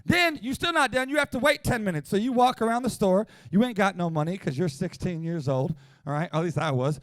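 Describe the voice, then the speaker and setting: A man in his forties doing a profane stand-up routine at a small comedy venue, brash and loud, often breaking into shouts. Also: sits high, lively intonation, brisk, no echo.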